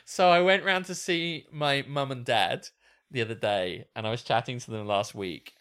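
A man's voice: medium pitch, moderate pace, fairly bright tone, clean tone. A man, co-hosting a podcast, telling a story in casual chat and often mimicking voices and laughing. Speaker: podcast co-host.

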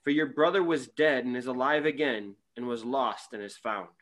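A man reading scripture aloud in a steady, plain way. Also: mid-range voice, moderate pace. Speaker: scripture reader.

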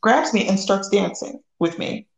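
A woman from the United States, a guest telling a personal story in a lively way, acting out the quoted lines. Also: medium pitch, unhurried, creaky, roomy sound, poor audio. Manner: lively, acts out quoted dialogue.

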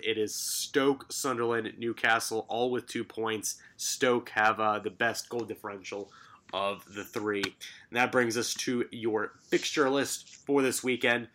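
A man's voice: mid-range voice, bright, forceful tone. A man co-hosting a sports podcast, rattling through fixture lists with sarcastic asides in casual chat. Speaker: podcast co-host.

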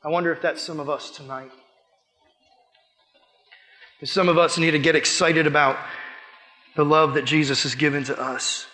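Young man, pastor, high voice, impassioned conversational sermon, long hall reverb. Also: steady tone, a little fast, bright, forceful tone, soft background music. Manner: impassioned, conversational preaching with quoted asides. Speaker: youth pastor.

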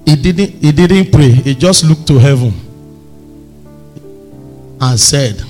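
A man preaching a sermon, telling stories with lively swings and sudden shouts. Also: fairly high pitch, takes it slowly, soft background music. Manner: animated, storytelling, bursts into shouts. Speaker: pastor.

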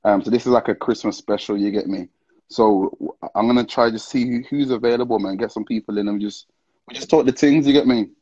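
A man's voice: on the low side, fairly even intonation, fast talker, dark tone, husky, dry recording, muffled recording. A man hosting a casual live stream, full of slang and greeting viewers one after another. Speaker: livestream host.

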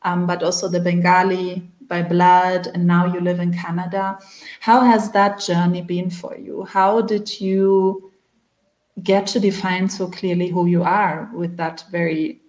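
A woman's voice: fairly low pitch, little pitch movement, a little slow, a little mellow. Attentive woman host, echoey room. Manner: attentive, affirming and reflecting back the guest's words. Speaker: podcast host. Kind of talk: interview questions.

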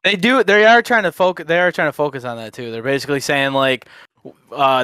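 A man hosting a casual stream chat, relaxed and explanatory. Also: mid-range voice, a little fast, smooth, dry recording. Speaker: host.

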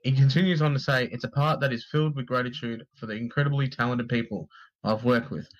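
A man's voice: mid-range voice, fairly even intonation, quick pace, dull audio. A man co-hosting a podcast, reading gaming news aloud in a casual, sweary, joking way and tripping over names. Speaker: podcast co-host.

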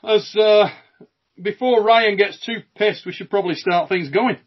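A man's voice: high-pitched, moderate pace, slightly rough, lo-fi sound. A man hosting a casual podcast over a video call. He jokes, swears freely and tells a joke to his guests. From Britain. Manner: brash, joking, swears freely. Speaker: host.

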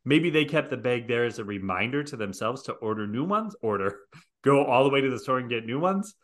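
A man co-hosting a casual podcast, joking in a halting, playful way. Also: mid-range voice, expressive. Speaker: podcast co-host. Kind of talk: casual chat.

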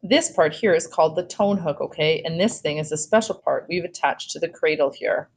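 An upbeat male ear doctor from a storybook, voiced by a woman reading aloud, coaxing and friendly. His tone stays on the low side and sounds like an everyday voice. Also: a little fast, rough recording. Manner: cheerful, coaxing.

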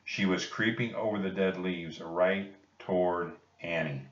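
A man reading a children's storybook aloud in a calm, measured way. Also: low-pitched. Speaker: narrator. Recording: echoey, distant and muffled.

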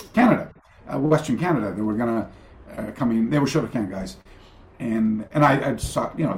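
Older male guest on a video call, lively storyteller with a wandering delivery, roomy sound. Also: fairly low pitch, slight background noise. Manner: animated, rambling, many fillers and restarts. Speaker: guest, karate master. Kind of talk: casual storytelling interview.

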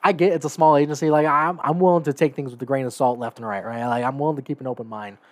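A man with a medium-pitched, steady voice talks fast in a dry recording. He hosts a solo podcast of opinionated commentary, speaking emphatically, often checking in with "right?" and "okay?", and growing heated.

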